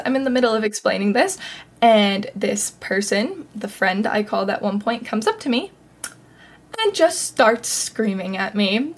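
A young adult woman hosting a podcast, telling a personal story in a chatty, casual way with lots of fillers. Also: medium pitch. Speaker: podcast host.

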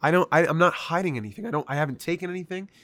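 A man telling a story in casual conversation, animated and profane, with lots of filler words. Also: fairly high pitch, rapid-fire, dry recording.

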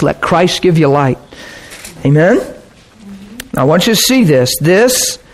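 A man preaching a conversational sermon, telling stories with casual, emphatic asides. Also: fairly high pitch.

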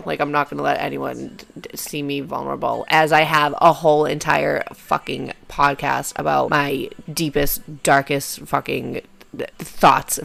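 A young woman with a deep, gravelly voice talks through her old journal on a solo podcast. She is candid and self-mocking, swears freely, and swings between soft murmurs and loud outbursts. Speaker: podcast host.

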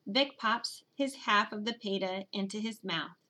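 Audiobook narrator: a woman who reads a children's storybook in first person, bright and expressive. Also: mid-range voice, measured pace.

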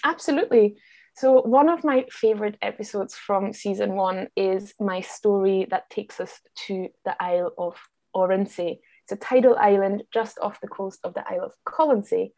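A woman from Austria whose first language is German talks as a podcast guest in a friendly, thoughtful way, now and then restarting a phrase. Her voice is dark and mellow with a gravelly edge of fry. The sound is close and dry, with no room around it. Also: mid-range voice, no echo. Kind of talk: casual interview chat.

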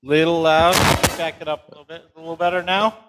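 A man's voice: on the high side, flat delivery, fast talker, background noise. A middle-aged man joining a live chat as a guest and telling a family story in a chatty, amused way. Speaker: guest speaker. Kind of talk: casual storytelling.

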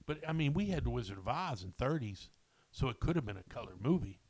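A man's voice: medium pitch, expressive, fast, a little mellow, no echo. A middle-aged man hosting a casual movie chat, rambling with many ums and restarts. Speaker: podcast host.

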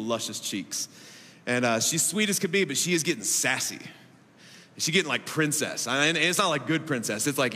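A man in his thirties preaching a sermon as pastor, emphatic, with laughing asides and big swings between loud and soft. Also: medium pitch. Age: 30s. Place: church auditorium. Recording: echoey hall reverb.

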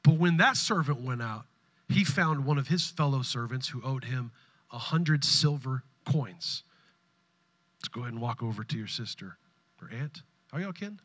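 A man, preaching a sermon to his congregation, swinging between loud bursts and hushed asides. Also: mid-range voice, lively intonation, moderate pace. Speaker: pastor. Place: church sanctuary with congregation.

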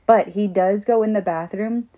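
A woman co-hosting a casual podcast, telling animated stories and acting out her child's lines. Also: medium pitch, normal speed. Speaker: podcast co-host. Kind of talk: casual storytelling. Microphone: phone. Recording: phone-like narrow sound.

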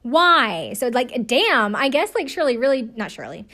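A woman's voice: high voice, very animated, moderate pace, fairly bright tone. A woman casually recapping a reality TV episode, chatty and profane, filling her talk with "like" and laughing often. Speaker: show recapper.

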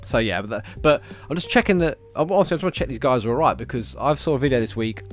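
A man, hosting his own podcast and rambling through stories, swearing constantly and getting animated. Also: mid-range voice, fast talker, soft background music. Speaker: podcast host. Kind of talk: casual solo podcast chat.

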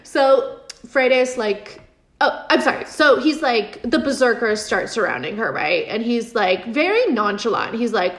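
A woman's voice: fairly high pitch, animated, measured pace. A woman with a slightly raised voice chats through a TV episode recap, laughing easily and leaning on casual fillers. Her voice rings with a roomy echo. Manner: chatty, many "like" fillers, laughs often. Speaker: show recap host.

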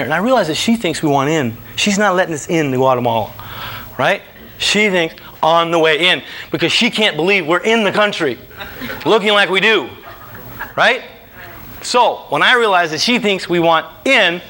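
Animated man telling a comic travel story. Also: a little high, normal speed, a little hiss or hum. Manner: animated, laughing asides, acts out voices. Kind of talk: comic travel anecdote told live.

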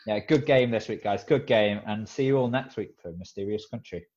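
A man putting on a gruff lo-fi announcer. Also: on the low side, brisk, pitched below the performer's own voice, lightly acted. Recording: dull lo-fi with loud noise.

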